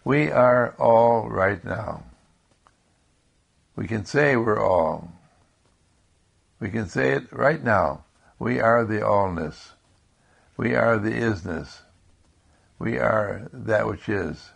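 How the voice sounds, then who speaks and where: A man giving a calm spiritual talk in slow, repetitive affirmations. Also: on the low side, creaky, slightly rough. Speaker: spiritual speaker.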